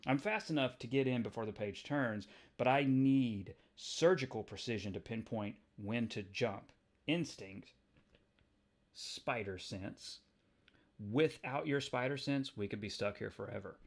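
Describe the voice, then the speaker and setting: A man voicing a brooding, cocky young superpowered man in a low, muttered delivery. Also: unhurried, creaky.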